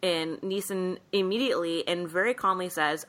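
Bright-voiced woman recapping a movie. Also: mid-range voice, normal speed. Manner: animated storytelling, acts out quoted lines. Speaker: podcast co-host.

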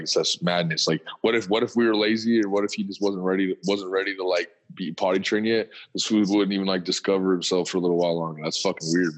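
Low-voiced man telling laid-back, slangy stories. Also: poor audio. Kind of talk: casual chat.

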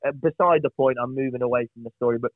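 On a dry, tinny line that sounds like a phone, a man with a medium-pitched voice rattles off rapid-fire anecdotes as a podcast guest. His casual stories are chatty and self-deprecating, with plenty of restarts.

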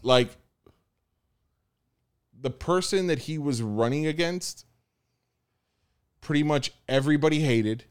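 A man's voice: on the high side, slow, pauses often, clear, resonant tone. A young American man telling a story in casual chat, acting out the people he quotes. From United States.

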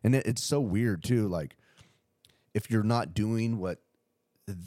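A man's voice: on the low side, takes it slowly, warm tone, dry recording, clean studio sound. A man in casual podcast chat, rambling in a laid-back way, with lots of fillers and swearing. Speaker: podcast host, t-shirt company owner.

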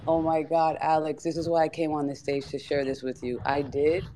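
Man with a rough, drink-worn voice. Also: on the high side, level tone, fairly quick, dark tone. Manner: rambling, profane storytelling. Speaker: guest speaker. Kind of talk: casual chat on a live audio stage.

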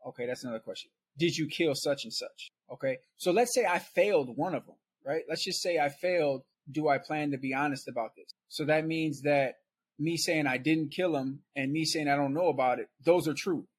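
A man's voice: a little high, a little fast, slightly rough. A man guest on a podcast, telling his story in a casual, conversational way and checking in with "right?".

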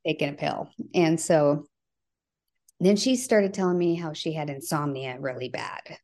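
Speaking a little slowly in a slightly mellow voice, this middle-aged woman is a podcast guest and bereaved mother sharing a family story. She tells it earnestly, acting out the dialogue, and her voice sinks low at the heavy moments.

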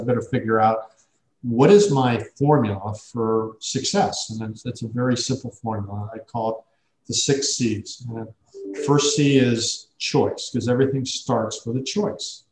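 A man who works as a business coach, telling an anecdote with lively acted-out dialogue. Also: on the low side, reverberant, rough recording. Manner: animated anecdote teller, acts out dialogue. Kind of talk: storytelling talk.

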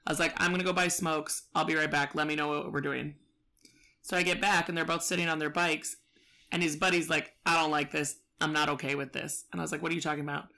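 Creaky bright-voiced woman ranting. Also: deep voice, level tone, fast talker. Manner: profane, exasperated storytelling. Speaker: storyteller. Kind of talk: casual chat.

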